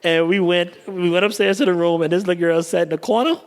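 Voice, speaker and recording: A man, a photographer telling stories in a casual podcast chat, lively and quick to laugh. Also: high voice. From Bahamas. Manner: animated storyteller with a gravelly voice and frequent laughter.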